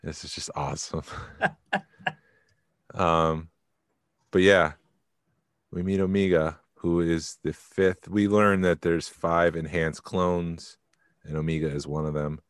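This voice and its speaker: Man, podcast co-host, very deep voice, rambling casual chat, dry sound. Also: steady tone, slow pace, long pauses, dry recording. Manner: rambling, trails off mid-thought.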